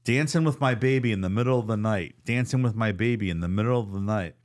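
A man voicing a gruff, rambling old Australian man with an Australian accent, muttering and repeating himself. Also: on the low side, fast talker, darkish tone, close to an everyday voice. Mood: menacing muttering. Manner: muttering, repetitive, sing-song cackling.

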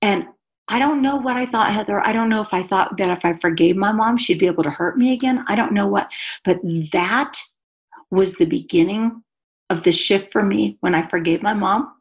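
A woman's voice: mid-range voice, moderate pace. A woman guest telling a personal story on a podcast in an earnest, confessional way. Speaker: guest author and speaker.

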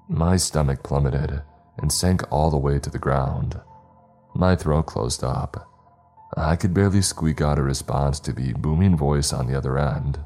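Male horror-story narrator, very low and warm, wry casual delivery. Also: moderate pace, faint music behind.

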